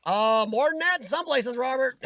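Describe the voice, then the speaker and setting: An American live-stream host speaks at a moderate pace in a very high, pushed, bright voice with lively intonation, ranting opinionatedly and addressing viewers' comments by name. His voice is starting to give out, and the audio is dry with the highs cut off.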